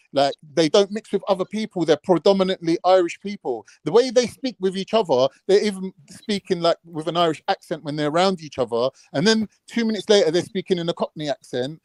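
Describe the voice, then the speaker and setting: A man's voice: high voice, a little mellow, no room sound. A man arguing his point insistently in a heated online panel debate, talking over others. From Cypriot family in London. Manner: insistent, talks over others, acts out quotes.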